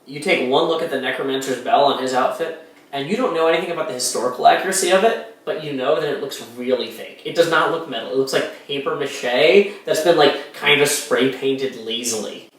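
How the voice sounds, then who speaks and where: A man's voice: medium pitch, fairly quick, fairly bright tone, far from the mic. A man narrating as game master of a tabletop role-playing game, rambling with lots of restarts and fillers. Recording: very echoey room, a bit off mic.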